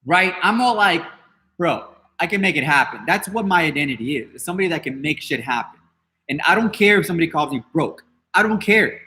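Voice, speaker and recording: A podcast host with a high, bright, forceful voice rants casually, brash and defiant. He swears freely, rambles, and keeps restarting his sentences in a dismissive, unscripted tirade.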